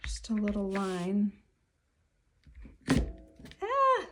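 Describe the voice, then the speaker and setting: A woman muses aloud as she works on a painting at her table, drawling slowly and easily. Her voice sits a little low. Clear clicking from her tools runs behind her. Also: noisy background. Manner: musing aloud to herself while she works. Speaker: artist. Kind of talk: casual commentary while painting. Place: home art table.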